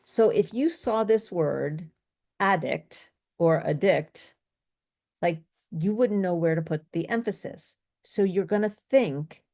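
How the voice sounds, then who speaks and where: A woman's voice: fairly low pitch, dark tone. A woman teaching a live pronunciation lesson, explaining step by step and correcting herself as she thinks aloud. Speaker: speech coach.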